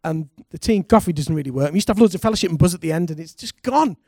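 Pastor, slightly high voice, dry close sound, animated preaching with call and response. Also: male voice, very fast, no room sound. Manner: animated preaching, calls for congregation responses, laughs. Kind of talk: sermon.

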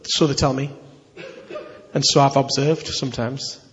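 A preacher delivering an animated, conversational sermon with emphatic questions to the congregation. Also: male voice, mid-range voice, a little slow, slight background noise. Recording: echoey hall, slightly dull.

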